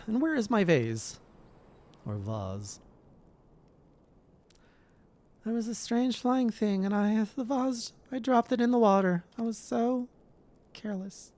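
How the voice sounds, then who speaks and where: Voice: medium pitch, a little mellow, no echo, pitched above the performer's own voice. A streamer voicing a haughty, imperious noblewoman who speaks in a cold, commanding way. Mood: scolding. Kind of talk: reading game dialogue aloud.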